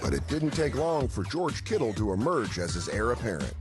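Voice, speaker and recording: A man's voice: mid-range voice, very animated, brisk. A man narrating a sports feature in an upbeat announcer style. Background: music.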